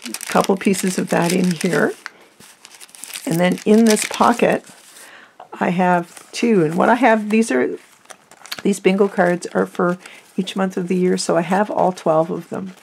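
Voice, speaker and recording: A woman hosting a craft video, talking softly and fondly through a flip-through while losing her voice. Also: lowish voice, fairly even intonation, measured pace, creaky, long pauses, a little hiss or hum. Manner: soft-spoken, fond, often drops to a near whisper. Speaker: crafting channel host. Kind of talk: casual journal flip-through.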